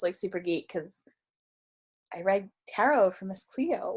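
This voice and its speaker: A woman's voice: mid-range voice, expressive, a little slow, long pauses, husky. A woman guest telling a story in a casual interview, chatty and full of fillers, laughing often. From Florida. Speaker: guest, tarot reader and writer.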